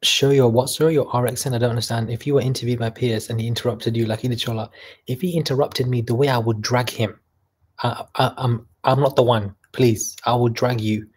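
Husky young man chatting on a livestream. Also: mid-range voice, fairly even intonation, fairly quick, darkish tone. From Canada. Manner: chatty and mocking, reads comments aloud. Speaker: livestream host reading chat. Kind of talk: casual livestream chat.

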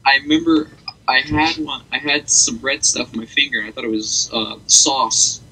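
A young man co-hosting a casual podcast, rambling and animated as he tells stories. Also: medium pitch, moderate pace, breathy edge, low-quality recording. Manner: rambling, animated storytelling with laughs. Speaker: podcast co-host. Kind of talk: casual chat.

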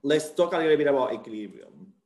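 A man's voice: a little high, animated, quick pace, darkish tone. A tired man teaching a chemistry class in a casual, joking way, often checking in with his students. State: tired, end-of-semester burnout. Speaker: chemistry instructor. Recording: echoey classroom.

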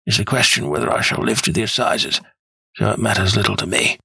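A man voicing a grave, weary old man who is dying and makes a slow confession. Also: fairly low pitch, gravelly, bright, forceful tone, slightly rough, no room sound, full character voice. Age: older. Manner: heavy, slow confessional telling.

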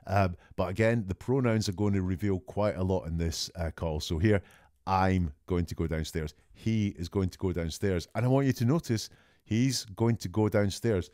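Man, very low voice, mellow tone, dry close sound, measured analytical commentary. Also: no echo. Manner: measured, deliberate, often slows for emphasis. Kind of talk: analytical commentary on a recorded call.

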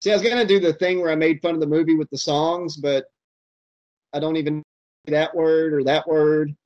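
A man's voice: a little high, steady tone, a little fast, a little mellow, highs cut off. A man co-hosting a jokey, riffing movie commentary track. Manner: jokey, playful. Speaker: co-host.

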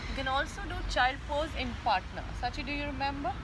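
A woman yoga instructor leading a mother-and-child yoga class, giving slow, gentle step-by-step instructions. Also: high voice, background noise.

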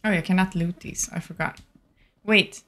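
A woman's voice: on the low side, fairly even intonation, normal speed, fairly bright tone. A woman live-streaming a video game, thinking aloud and answering her chat.

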